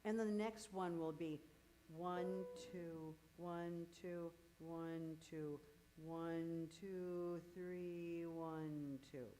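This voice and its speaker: A middle-aged woman leading a choir rehearsal. She counts beats, sings cues to demonstrate, and coaches the singers briskly with encouragement. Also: on the low side, fairly even intonation, warm tone, slight background noise, low-quality recording. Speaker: choir director.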